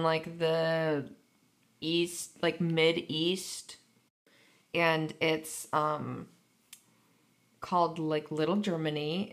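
Laid-back american girl from michigan, lowish voice, rambly podcast chat. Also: a bit bright. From Michigan, USA. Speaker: podcast co-host. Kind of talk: casual chat.

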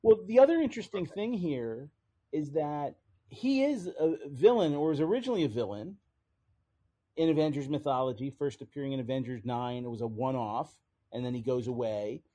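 A man's voice: mid-range voice, lively intonation, normal speed, dark tone, lo-fi sound. A man co-hosting a chat show, explaining comic book history and trivia in a casual, slightly hesitant way. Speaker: podcast co-host.

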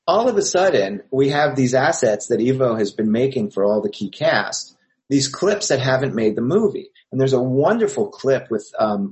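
A man's voice: mid-range voice, darkish tone, poor audio. A man from Montreal, an actor, telling rambling anecdotes with many fillers in an interview. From Montreal, Canada. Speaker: actor and filmmaker guest.

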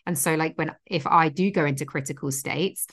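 A young woman with a low voice hosts a casual podcast. She rambles through her thoughts, full of fillers and restarts. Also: normal speed, fairly bright tone. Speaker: podcast host. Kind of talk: casual chat.

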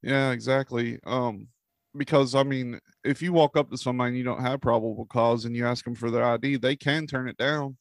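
A man's voice: mid-range voice, steady tone, a little fast, no room sound, studio quality. A man as a podcast guest in casual chat, laid-back, swearing and laughing often.

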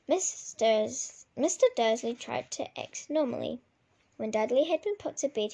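Gravelly woman reading a novel aloud. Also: on the high side, dark tone. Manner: unpolished reading with restarts. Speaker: reader.

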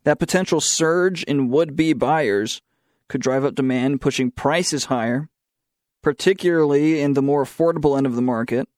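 A man's voice: on the high side, moderate pace, a little mellow, dry recording, clean studio sound. A young man with a Southern American accent hosting a student talk show, giving sarcastic opinions and reading news items aloud. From southern United States. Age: young adult. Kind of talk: opinionated talk radio monologue.

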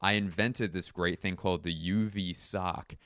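A man in his thirties with a lowish, smooth, resonant voice rambles through a comedic podcast monologue. He jumps between absurd tangents and deadpan asides. The sound is close and dry, with no room around it. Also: measured pace, no room sound. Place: home.

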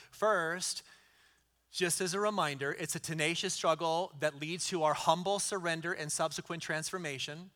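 A man's voice: a little high, pushed and bright. A middle-aged man preaching a sermon in an earnest way, repeating key lines for emphasis. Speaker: pastor.

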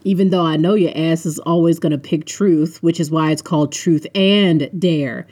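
A woman's voice: low voice, steady tone, moderate pace. A woman doing a brash joking party guy. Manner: joking, loud and swaggering.

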